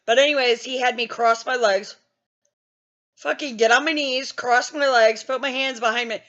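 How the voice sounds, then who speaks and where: Older woman vlogger, brash and self-deprecating storyteller who swears freely; slightly high voice, muffled mic. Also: takes it slowly, a bit bright. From Wisconsin, US. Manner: blunt, swears a lot, self-mocking. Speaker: gaming channel host. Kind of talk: casual storytelling.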